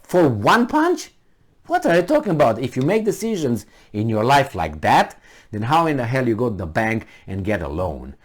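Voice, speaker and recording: A man's voice: medium pitch, wildly swooping pitch, normal speed. A man giving opinionated solo commentary in a vlog, sarcastic and incredulous, firing off rhetorical questions. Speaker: vlogger.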